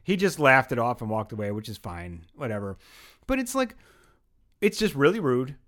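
A man's voice: mid-range voice, sing-song, moderate pace, fairly bright tone. A young man hosting a podcast, telling a rambling, self-mocking story in a casual way. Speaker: podcast host. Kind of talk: casual monologue and chat.

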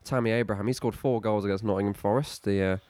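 A man's voice: on the low side, steady tone, fast, darkish tone. Young man doing jokey play-by-play. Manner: running play-by-play, easily amused. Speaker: podcast host, football commentator. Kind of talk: comic mock football commentary.

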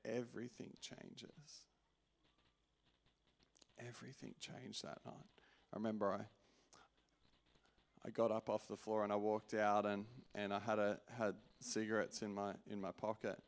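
A man's voice: on the low side, flat delivery, unhurried, gravelly, long pauses. Earnest man preaching his testimony. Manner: earnest, with many restarts and swings from loud to hushed. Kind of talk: sermon testimony.

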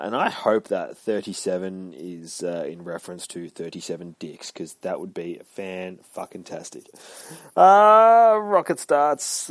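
A man's voice: fairly low pitch, no room sound. A man hosting a comic book podcast, recapping an issue in a rambling, heavily profane casual chat with ranty asides.

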